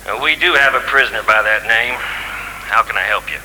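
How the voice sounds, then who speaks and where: A man's voice: fairly low pitch, moderate pace, sharp tone, slight background noise, rough recording. An actor playing a blunt, sarcastic male Death Row officer with an American accent, in a 1990s TV sitcom. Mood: sardonic.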